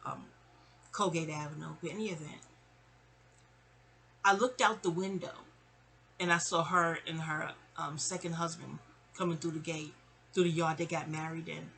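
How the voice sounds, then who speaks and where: A woman's voice: sits low, moderate pace, creaky, pauses often. A woman, telling a casual, rambling family story. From New York City. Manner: chatty, animated, digressive.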